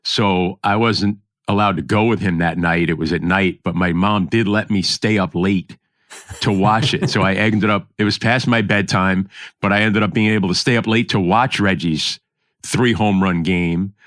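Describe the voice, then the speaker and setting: Podcast host, middle-aged man, New York accent, low voice, dry close sound, rambling and reflective. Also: fairly even intonation, normal speed, fairly bright tone, dry recording. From New York area. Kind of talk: casual conversation.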